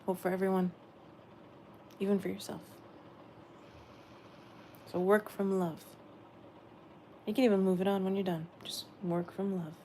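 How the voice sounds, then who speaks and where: A woman giving a gentle, meandering spiritual message she says she is channeling, often repeating her phrases. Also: medium pitch, little pitch movement, measured pace, long pauses, slight background noise.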